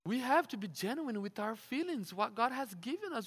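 A man's voice: extremely high pitch, big pitch swings, normal speed, hardly any pauses, fairly bright tone, slightly rough, long reverb tail. A man preaching a sermon. He asks rhetorical questions and often repeats his words.

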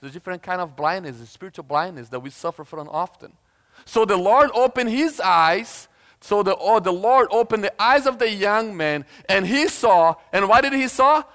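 A male preacher giving a lively sermon, retelling a story casually and acting out the voices of its people. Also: sits high, moderate pace, big-room sound. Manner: animated storytelling, acts out voices, casual asides.

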